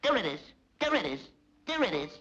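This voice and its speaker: Charlie Dog, a brash cartoon mutt. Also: male voice, sits high, sing-song, sharp tone, heavily acted. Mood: boastful. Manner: boastful, rapid shifts into frantic melodrama. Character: brash pushy stray male cartoon dog. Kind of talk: 1940s cartoon voice acting. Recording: lo-fi old cartoon soundtrack with music.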